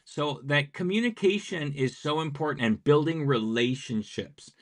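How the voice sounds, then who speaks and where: An American man talking in a relaxed interview, telling lively stories and acting out the dialogue in them. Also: a little high, moderate pace. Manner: lively anecdotal, acts out quoted dialogue. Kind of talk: conversational storytelling.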